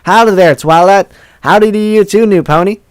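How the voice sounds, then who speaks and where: Guy doing a country farm pony girl, pitched way up, folksy and loud. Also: normal speed, clean tone, dry recording, close to an everyday voice. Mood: friendly. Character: orange farm pony mare, hardworking and folksy.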